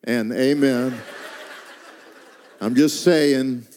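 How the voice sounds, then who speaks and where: A man's voice: medium pitch, fairly even intonation, extremely slow, darkish tone, slight background noise. A middle-aged man, a traveling preacher, telling a personal story in a sermon and swelling into impassioned prayer before a congregation. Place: church stage before a congregation.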